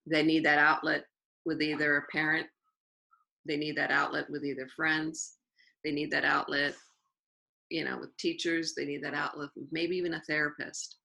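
A woman's voice: low voice, creaky, low-quality recording. A woman teacher telling stories in an interview, acting out quoted dialogue and circling back to repeat her phrases. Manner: lively storyteller who acts out quoted dialogue and repeats phrases. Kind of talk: storytelling in an interview.

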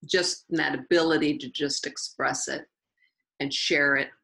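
A woman teacher answers interview questions in an earnest, animated storytelling way, often restarting her sentences. Her voice sits low with a gravelly fry, yet it sounds bright and forceful. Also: a little slow, low-quality recording.

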